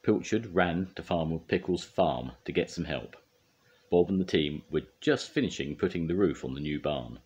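An older man reading a children's storybook aloud in a gentle, expressive way. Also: extremely low pitch, normal speed, slightly rough.

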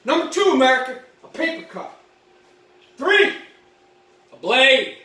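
A woman playing a boastful, rambling male ex-Marine patriot dad in a comedy monologue, shouting one moment and muttering the next. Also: very animated, measured pace, heavily acted. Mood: blustering. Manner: boastful, rambling, shouts then drops low. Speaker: comedy vlogger. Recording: roomy echo, mic at a distance.

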